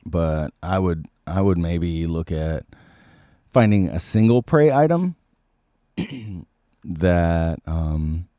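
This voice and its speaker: A man with a very deep, mellow voice chats loosely through a livestream, his voice a little sick. He fills gaps with ums and keeps clearing his throat. The sound is dry and close. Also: expressive, takes it slowly, long pauses, dry recording. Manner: rambling, many ums, frequent throat clearing. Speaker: livestream host reading viewer comments. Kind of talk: casual livestream chat.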